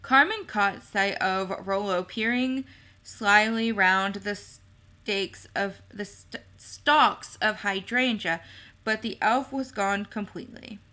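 A woman narrating a storybook chapter slowly and carefully, her voice bright and clear. She occasionally trips over a word and goes back to fix it, keeping an unhurried, steady delivery. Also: mid-range voice. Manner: slow, careful, small slips and self-corrections. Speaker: storybook reader. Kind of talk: reading a novel aloud.

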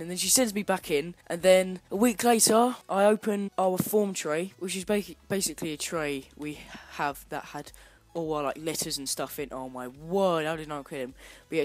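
Rambling man telling a story. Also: a little high. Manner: rambling, self-deprecating, casual with many fillers. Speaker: gaming channel commentator. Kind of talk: storytelling over gameplay commentary.

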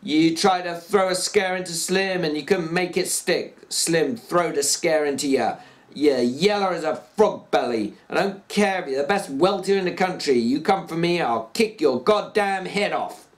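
A man doing a rough, taunting ranch hand. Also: on the high side, normal speed, natural voice. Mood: scornful. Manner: taunting, scornful.

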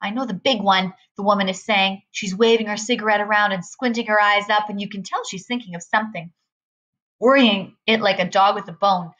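A woman reading a novel aloud in a lively first-person storytelling manner. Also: mid-range voice, a little fast, muffled recording. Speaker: reader.

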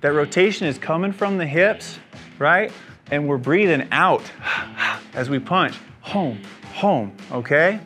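A man's voice: on the high side, normal speed, pushed and bright, soft background music. A young man, a fitness instructor, leading a guided exercise class with encouraging cues and frequent check-ins.

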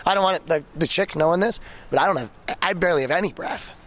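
A man's voice: on the high side, fast talker, a bit bright. A young man interviewing people in the street as a comedy bit, joking that he is out of breath. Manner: pretends to be out of breath, jokey. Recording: noisy outdoor street recording.

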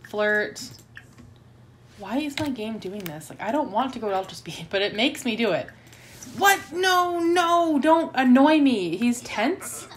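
Woman, gameplay commentary, chatty, melodramatic, easily flustered, medium pitch. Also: big pitch swings, unhurried, fairly bright tone, slight background noise. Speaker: let's play host.

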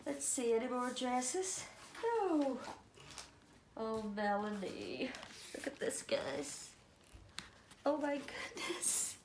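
A woman chatting casually to viewers as she unboxes a doll parcel, gushing and excitable. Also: a little high, takes it slowly, reverberant, slight background noise. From Ireland. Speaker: doll collector vlogger.

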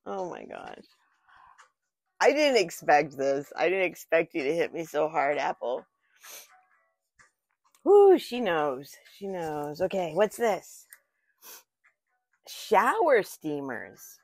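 Slow-talking emotional woman unboxing gifts. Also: fairly low pitch, sing-song, dry recording. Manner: emotional, easily moved, thinks aloud. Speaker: channel host. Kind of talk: unboxing vlog, talking to herself.

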